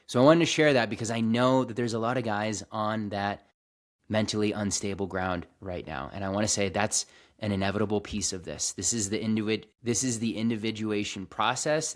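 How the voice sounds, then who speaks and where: Earnest, calm-talking man. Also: on the low side. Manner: earnest, slow and calming, with frequent restarts and casual swearing. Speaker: host. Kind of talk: reflective spiritual monologue.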